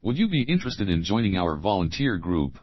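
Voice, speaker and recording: In a low, sing-song voice, a male English teacher reads practice questions one by one, first the opening words, then the complete question. He drills slowly and clearly, repeating every opening phrase. There's no room sound, and the quality is lo-fi.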